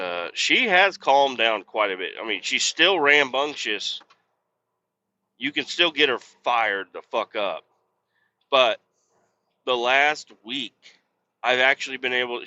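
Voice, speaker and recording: A man chats loosely from the cab of a truck, telling rambling stories and swearing freely. His voice is bright and forceful, at a middle pitch for a man. The recording sounds dull and lo-fi. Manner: rambling, profane, laid-back storytelling. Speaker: podcast host. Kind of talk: casual solo chat while driving.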